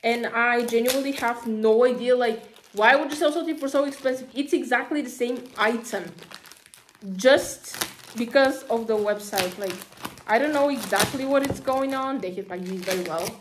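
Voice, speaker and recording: A woman talking casually through an unboxing, excitable and chatty, gushing over each item with lots of fillers. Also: a little high, normal speed, noisy background. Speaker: vlogger.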